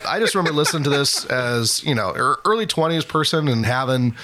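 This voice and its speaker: A man's voice: fairly high pitch, lively intonation, brisk, bright, forceful tone. A man co-hosting a casual music podcast, explaining chord changes in an earnest, musing way. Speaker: podcast co-host. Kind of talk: casual music-talk chat.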